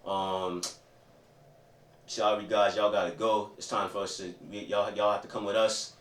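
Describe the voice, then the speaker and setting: A man quoting a brisk female social worker in his own low voice. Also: level tone, echoey room, recorded from a distance, natural voice.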